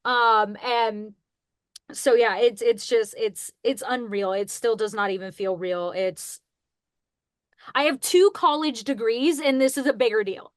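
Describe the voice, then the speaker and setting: A chatty young woman guest with a fairly high, bright-sounding voice, talking casually on a podcast. The sound is close and dry, with no room around her. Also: unhurried, dry recording. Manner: chatty and bubbly, laughs at herself. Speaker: guest voice actress.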